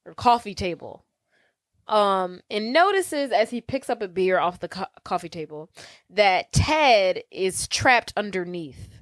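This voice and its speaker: A woman's voice: mid-range voice, unhurried, no echo. A woman co-hosting a podcast, describing movie scenes in an emphatic, chatty way. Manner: animated, filler-heavy, emphatic. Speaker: podcast co-host. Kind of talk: casual movie recap chat.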